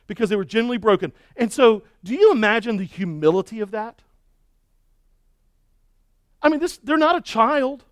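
A man's voice: sits high, a bit bright, no room sound, studio quality. A man preaching a sermon as pastor, emphatic and folksy, leaning on rhetorical questions and repeated words.

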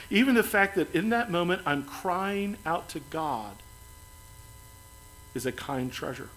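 A man preaching a sermon as pastor, earnest, building to emphatic lines and then dropping soft and quiet. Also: high voice, expressive, measured pace, long pauses, poor audio.

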